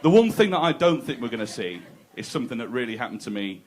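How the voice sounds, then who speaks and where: A man's voice: medium pitch, very animated, fast, darkish tone. A man doing a crude, conversational stand-up set, teasing the crowd. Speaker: stand-up comedian. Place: comedy club stage.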